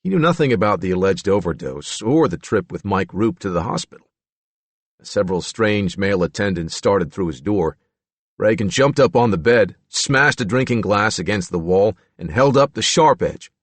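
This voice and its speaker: Low, lively-voiced male audiobook narrator. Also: no room sound. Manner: measured true-crime storytelling. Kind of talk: scripted narration.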